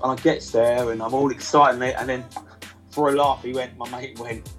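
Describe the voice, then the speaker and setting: A man's voice: medium pitch, level tone, fairly quick, a bit bright, faint music behind, rough recording. A man, telling a football fan story casually and acting out his friends' lines. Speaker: celebrity football fan guest. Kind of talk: casual anecdote.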